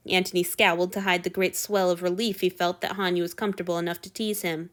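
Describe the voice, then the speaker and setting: A woman reading fan fiction aloud with expressive storytelling narration. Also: on the low side, fast talker, hardly any pauses. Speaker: audiobook reader.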